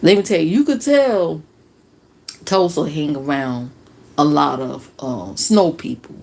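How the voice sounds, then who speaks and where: A woman's voice: sits low, animated, a little slow, gravelly, a little mellow. A woman from New Jersey hosting a casual reaction livestream, talking to viewers in a sarcastic, profane way.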